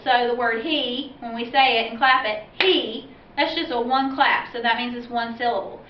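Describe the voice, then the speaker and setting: Female second-grade teacher, high voice, careful explainer; echoey room with light hiss. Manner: slow, clear explaining with spelled-out letters. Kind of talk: instructional video for parents. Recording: roomy, distant, dull lo-fi sound with faint hiss.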